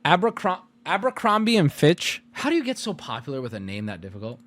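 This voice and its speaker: A man streaming, telling a story to his chat in a casual, animated way, jumping between loud outbursts and low mutters. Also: quick pace, no echo.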